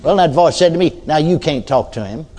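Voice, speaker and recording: A man's voice: a little high, animated, fairly quick, warm tone. An older man preaching a sermon in a folksy storytelling way, often adding amens and hallelujahs.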